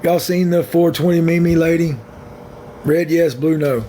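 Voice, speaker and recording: A man chats through his own livestream with a voice pitched a bit above the usual for a man. He talks bluntly and frankly, wandering from point to point. A faint hum of noise sits under his voice. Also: steady tone, normal speed, dark tone. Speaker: livestream host. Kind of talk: casual livestream chat.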